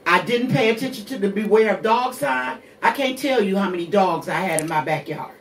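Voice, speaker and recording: A woman's voice: mid-range voice, brisk, reverberant, recorded from a distance, a little hiss or hum. A woman in her sixties hosting a radio show, telling her own hard story bluntly, with curses and rhetorical questions. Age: 60s. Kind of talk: candid personal monologue.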